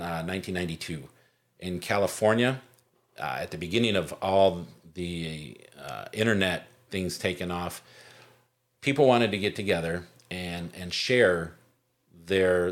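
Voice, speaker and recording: A man co-hosting a podcast, talking casually and rambling with many ums and restarts. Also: low-pitched. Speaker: podcast co-host.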